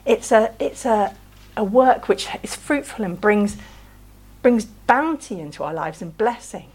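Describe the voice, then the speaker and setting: Gentle woman preaching. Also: medium pitch, lively intonation, measured pace, husky, rough recording. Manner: gentle, conversational, uses tag questions. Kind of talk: sermon.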